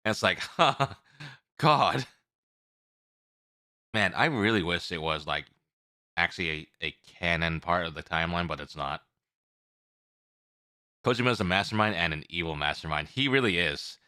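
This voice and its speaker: A man's voice: sits low, normal speed, pauses often, clear, resonant tone, no room sound, studio quality. A man streaming and chatting casually, rambling and talking with his mouth full. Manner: rambling, animated, eating while talking.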